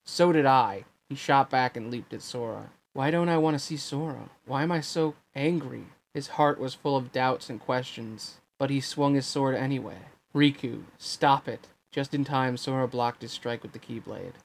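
A man's voice: mid-range voice, normal speed, vocal fry, few pauses. A man narrating a novel aloud in a plain reading voice, with occasional slips.

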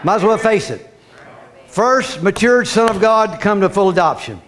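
High-voiced fervent male preacher. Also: expressive, normal speed. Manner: fervent, repetitive, rising to shouts. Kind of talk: sermon.

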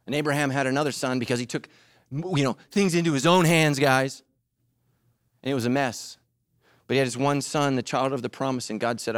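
A male pastor preaching a sermon in an animated, emphatic way, mixing jokes with serious points. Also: mid-range voice, fairly quick, no room sound, clean studio sound.

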